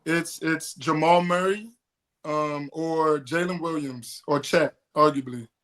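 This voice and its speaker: A man co-hosting a casual sports talk show, explaining playoff basketball in an animated way and calling people "bro". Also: fairly high pitch, takes it slowly. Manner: animated, says "bro" a lot. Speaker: podcast co-host.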